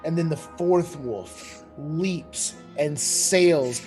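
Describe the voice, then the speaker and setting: A man narrating a tabletop horror game as game master, animated and full of fillers and restarts. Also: on the high side, very slow, music in the background.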